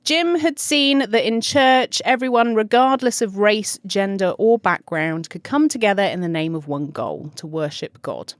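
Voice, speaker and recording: A woman's voice: medium pitch, animated, moderate pace, few pauses, dry recording, clean studio sound. A woman with a British accent hosting a true crime podcast, reading her story in a chatty, giggly way. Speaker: podcast host.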